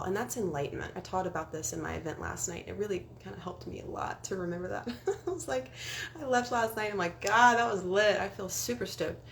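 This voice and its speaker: A woman's voice: mid-range voice, a little fast, gravelly, a little hiss or hum. A young woman, a spiritual life coach, talking casually on a livestream, earnest and sometimes dropping to a whisper. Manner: earnest, drops to whispers for emphasis. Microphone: phone.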